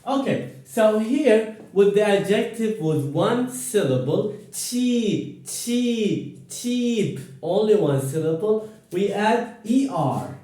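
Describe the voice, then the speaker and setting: Guy teaching grammar in a classroom, slow encouraging delivery, super echoey and far from the mic. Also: high-pitched, lively intonation, mellow. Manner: slow, encouraging, repeats words for students. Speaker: English teacher.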